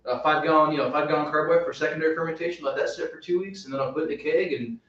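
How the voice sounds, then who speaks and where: A man's voice: on the high side, racing. Man chatting, far off in an echoey room. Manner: relaxed, rambling, with restarts. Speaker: homebrewing show host. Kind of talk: casual chat. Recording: roomy, distant, dull sound.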